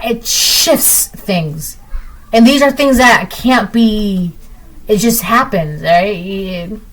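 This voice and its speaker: A woman's voice: on the high side, a bit bright, low-quality recording. Chatty woman reading tarot. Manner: chatty, repetitive, tags lines with "right?". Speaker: tarot reader. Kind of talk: casual collective tarot reading.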